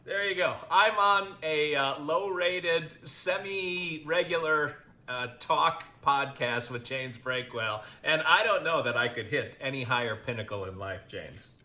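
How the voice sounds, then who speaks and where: A man with a higher, bright voice chats on a podcast and reads out listener questions, chuckling often between dry jokes. His voice comes through an echoey room. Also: measured pace. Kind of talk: casual chat.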